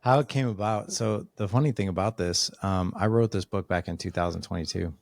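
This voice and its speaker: This podcast guest has a low-pitched, creaky voice and speaks a little fast on a dry recording. He's an animated storyteller, casually relating events and performing other people's dialogue.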